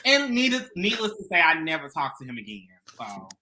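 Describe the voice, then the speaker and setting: A woman's voice: sits low, brisk, noisy background. A woman co-hosting a casual chat show, telling stories with lots of laughter. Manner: animated storytelling, laughing often. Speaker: co-host.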